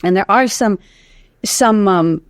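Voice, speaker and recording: A woman's clear, resonant mid-range voice moves at a slow pace in a dry, studio-quality recording. She teaches voice, and in this interview she explains the vocal folds and breath support while demonstrating, staying lively and counting aloud through breath drills.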